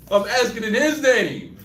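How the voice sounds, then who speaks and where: A man's voice: high-pitched, a bit bright. A man with a Southern US accent leading an interactive Bible study, acting out prayers and laughing often. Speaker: Bible teacher. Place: room with a live group. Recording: roomy, mic at a distance.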